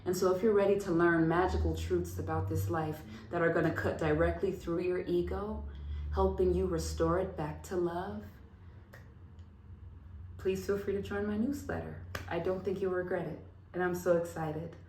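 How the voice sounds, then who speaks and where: A woman hosting a casual self-help vlog, talking straight to her viewers with lively, affirming energy and frequent laughter. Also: on the low side, moderate pace, slight background noise. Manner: animated, laughs often, affirming. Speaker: vlog host. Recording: roomy echo.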